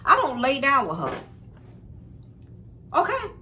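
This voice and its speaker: A woman's voice: sits high, huge pitch swings, takes it slowly, bright, forceful tone. A young woman telling a personal story to her viewers in a blunt, profane, casual way, often calling them y'all. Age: young adult. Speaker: spiritual vlogger.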